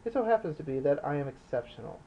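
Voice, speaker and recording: A nervous, timid gang dealer, as a man puts him on, hesitant and anxious. The voice is pushed noticeably higher and gets louder. It comes through a dull, lo-fi audiobook recording. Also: sing-song, fast, a little hiss or hum.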